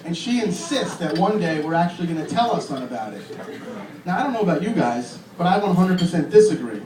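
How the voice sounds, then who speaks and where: Fairly high-voiced male stand-up comic in his thirties, deadpan and crude, recorded from afar. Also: a little fast. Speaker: stand-up comedian. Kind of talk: stand-up comedy set. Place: comedy club. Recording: echoey club from far off. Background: audience laughter and room noise.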